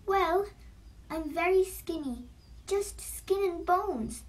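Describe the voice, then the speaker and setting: A woman voicing an excitable young brother billy goat who shouts and cries out, heard from a distant mic. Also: very high voice, slow, pitched above the performer's own voice, exaggerated voice. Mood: pleading.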